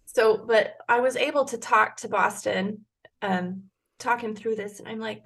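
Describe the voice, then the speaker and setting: A woman's voice: medium pitch, fairly even intonation, a little slow, gravelly, fairly bright tone, slightly rough. A woman in her forties telling a personal story as a podcast guest, earnest and emotional, with frequent restarts. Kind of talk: casual conversation.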